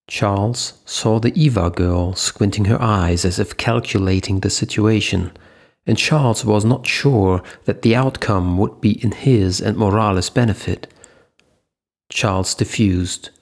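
A man giving steady scripted narration of an audiobook. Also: on the low side, unhurried. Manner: steady storytelling.

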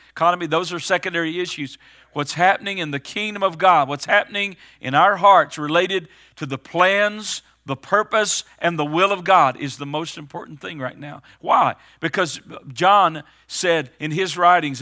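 Man, preacher, sermon, bright voice, slightly high, reads scripture, urgent emphasis. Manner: builds to urgent, raised emphasis; reads scripture aloud between plain explanation.

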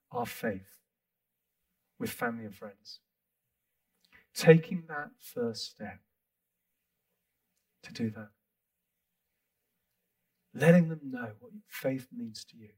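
A man's voice: mid-range voice, far from the mic. A male pastor preaching in a conversational way to his congregation. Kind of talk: sermon.

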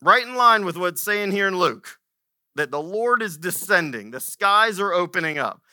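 A man's voice: high-pitched, lively intonation, moderate pace, bright, forceful tone, dry recording, studio quality. A man preaching a sermon as a pastor, conversational and emphatic, repeating key phrases for weight.

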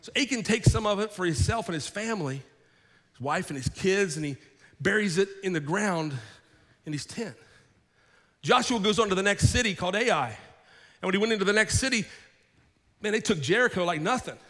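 A man preaching a sermon with a fairly high voice. He tells the story vividly, acting out the people in it. His voice rings with the long reverb of a large hall. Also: animated, moderate pace, long pauses, a bit bright. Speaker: pastor.

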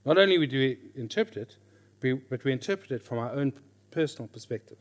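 A middle-aged man teaching a class on reading scripture. He is lively, questions his listeners, and repeats his key phrases. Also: medium pitch, fast. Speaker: Bible teacher.

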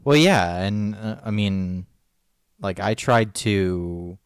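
A man co-hosting a relaxed conversational show, speaking in a lowish voice full of fillers and little affirming murmurs. The sound is dry and close, with no room around it. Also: slow, clear, resonant tone, no echo. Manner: relaxed, lots of fillers and backchannel. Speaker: co-host. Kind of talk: casual chat.

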